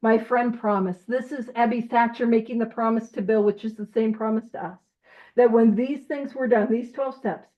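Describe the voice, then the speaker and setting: A fairly high-voiced woman leads a group study over an online call, reading passages aloud and breaking in with emphatic, joking asides. Her audio is a bit dull and lo-fi. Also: moderate pace. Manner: animated and emphatic, jokey asides.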